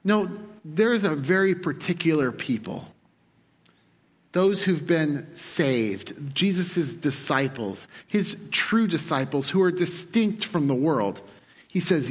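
A male pastor preaching a sermon in an emphatic manner, slowing down to stress phrases and speeding up for quick asides. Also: fairly high pitch, lively intonation, breathy edge. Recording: long hall reverb.

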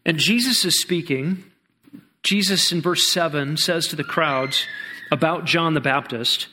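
A man leads a Bible study in a voice pitched a little above the usual for men. He explains earnestly and step by step, often stopping to pose a question and then answer it. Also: unhurried, bright, forceful tone. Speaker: Bible teacher.

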